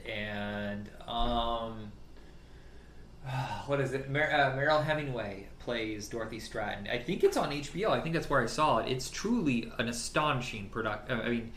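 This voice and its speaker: Guy ranting about old movies, cusses a lot, laughs a bunch, roomy echo, a little noise behind. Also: medium pitch. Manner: animated, swears freely, laughs often. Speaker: podcast co-host. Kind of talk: casual film chat. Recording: roomy with faint background noise.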